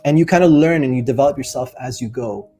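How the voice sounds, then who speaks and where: A fast-talking man with a warm, mid-range voice coaches viewers as a life coach, faint music behind him. It's a casual, heartfelt monologue to camera where he thinks aloud with fillers and is open about his feelings.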